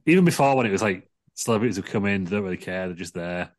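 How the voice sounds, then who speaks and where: A man's voice: sits low, lively intonation, rapid-fire. A man co-hosting a podcast, chatting in a rambling, casual way with many fillers. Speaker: podcast co-host. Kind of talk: casual chat.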